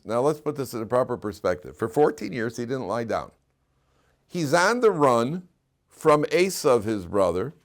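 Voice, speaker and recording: A middle-aged man, a rabbi, teaching a class, telling anecdotes with laughter and putting questions to the room. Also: medium pitch. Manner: animated storyteller, laughs through anecdotes, asks the room questions. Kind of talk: storytelling Torah class. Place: classroom with listeners.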